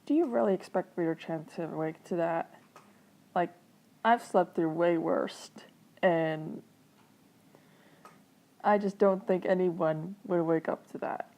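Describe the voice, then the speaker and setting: A woman's voice: fairly low pitch, slow pace, long pauses, dark tone. A young woman reading fan fiction aloud as a channel host, breaking off into sarcastic, wry commentary on a home mic. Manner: sarcastic, wry asides, laughs at the text.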